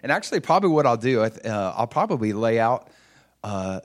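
A male pastor delivers a sermon in a relaxed, conversational way. He has a slight Upper Midwest accent. He often restarts his sentences and pokes fun at himself. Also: medium pitch, fairly quick. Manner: conversational and self-deprecating, with laughs and restarts.

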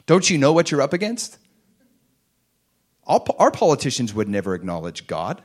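A man preaching a sermon, reading scripture aloud and building to loud, emphatic lines. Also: medium pitch, huge pitch swings, normal speed, slightly rough. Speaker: pastor.

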